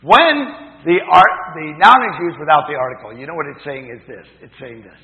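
A middle-aged man preaching a sermon, teaching in a lively way and asking his congregation questions. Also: fairly high pitch, moderate pace, a little hiss or hum. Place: church hall. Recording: tinny, echoey hall recording.

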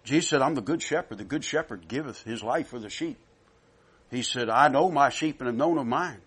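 A man preaching a sermon, emphatic, rising loud and dropping soft, repeating himself often. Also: mid-range voice, expressive, fairly quick, husky.

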